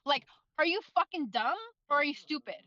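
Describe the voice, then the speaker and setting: A woman's voice: high voice, lively intonation, brisk, pushed and bright, no room sound, dull audio. A woman in a casual book club chat, ranting with heavy profanity.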